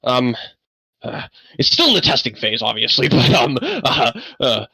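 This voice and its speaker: Man game master, bright and dry on voice chat, halting rambling narration. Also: mid-range voice, wildly swooping pitch, creaky, breathy edge, dry recording, low-quality recording. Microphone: online voice chat.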